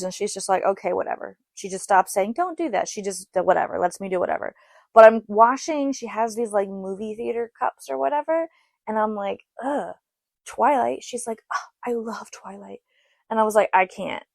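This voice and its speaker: A young adult woman telling stories on her podcast in a chatty, self-deprecating way, laughing often. Her voice has a gravelly, fry-edged texture at a middle pitch. The recording is dry and close, with no room sound. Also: dry recording. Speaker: podcast host. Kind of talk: casual solo podcast storytelling.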